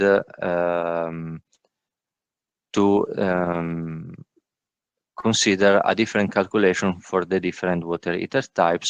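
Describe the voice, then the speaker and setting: Halting, low-voiced man presenting slides. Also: clear, resonant tone, no room sound. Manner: halting, many filler sounds. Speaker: workshop presenter. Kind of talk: technical presentation. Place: virtual workshop call.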